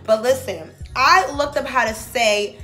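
A sassy, talkative woman chatting to her viewers as she gets ready for a night out. Her voice sits a little high, and she keeps calling them baby and y'all. Soft music plays faintly underneath. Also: a little slow. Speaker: beauty vlogger. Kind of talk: casual get-ready-with-me chat.

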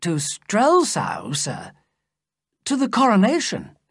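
A polite young traveller answers courteously and steadily, as a woman reading the story puts him on. The voice stays close to the narrator's: husky and dry, with a lively lilt. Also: medium pitch, dry recording, pitched above the performer's own voice, heavily acted. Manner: courteous, measured replies. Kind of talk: storybook character voice.

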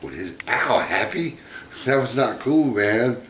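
A middle-aged man talking fondly and gently to his pet monkeys in a casual home vlog. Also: medium pitch, animated, slow, reverberant, a little hiss or hum. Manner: gentle, doting, chuckling baby talk to pets.

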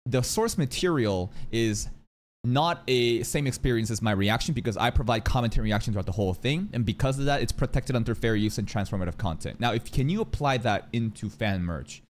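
A man's voice: mid-range voice, expressive, brisk. A man giving casual, blunt reaction commentary, swearing freely and arguing his point. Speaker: reaction streamer.

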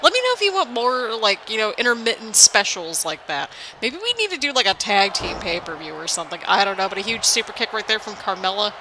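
A woman's voice: mid-range voice, sing-song, brisk, few pauses, bright, forceful tone, slight background noise. A young woman hosting a gaming channel, chatting casually and rambling as she comments on a wrestling game. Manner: chatty, rambling, laughs often. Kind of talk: casual let's-play commentary.

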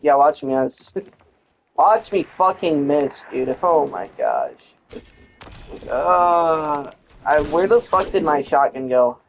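Low-voiced woman ranting over gameplay. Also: expressive, takes it slowly, slight background noise. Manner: frustrated ranting, heavy swearing. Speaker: gaming channel host. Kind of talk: gameplay commentary.

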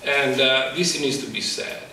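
Halting, passionate man in echoey room. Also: medium pitch, pushed and bright, slight background noise. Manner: halting, searching for words, passionate. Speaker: photographer presenting his exhibit. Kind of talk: emotional public talk. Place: exhibit talk at a college, indoors. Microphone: microphone in front of him. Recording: echoey room, distant mic.

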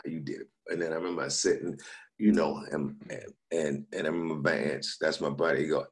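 With an extremely low voice, a steady tone, and a fairly quick pace, a middle-aged comedian relates casual anecdotes as a guest. He laughs as he goes and mimics the people whose words he quotes.

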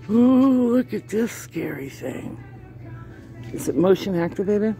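A woman's voice: medium pitch, animated, slow, vocal fry, warm tone, faint music behind. A woman chatting casually to viewers while shopping, often chuckling, filmed on a handheld phone inside a large store. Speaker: shopping vlogger. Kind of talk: casual running commentary.

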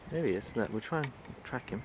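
A man's voice: mid-range voice, animated, fast talker, noisy background. A man filming outdoors in woodland, giving admiring, gushing commentary from behind the camera. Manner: gushing, admiring, murmured exclamations. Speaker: wildlife videographer.

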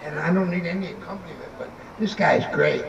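A man's voice: on the high side, fast talker, vocal fry. A man who sings Irish songs, chatting casually to a live audience before he sings. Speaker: local singer of Irish songs. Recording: echoey, dull sound from far off with faint noise.

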